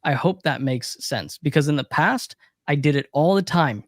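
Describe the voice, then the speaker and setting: A man's voice: fairly high pitch, lively intonation, moderate pace, no echo, clean studio sound. Earnest man coaching on a livestream. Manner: earnest, reflective, emphatic repetition. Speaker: recovery coach, livestream co-host. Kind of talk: casual livestream Q&A talk.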